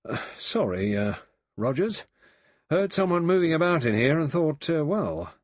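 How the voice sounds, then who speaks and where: A man voicing a blunt, gruff middle-aged ex-policeman in an audiobook, blustering and curt. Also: medium pitch, very animated, normal speed, a little mellow, no room sound, voice pushed up. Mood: awkward, suspicious. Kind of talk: audiobook character voice.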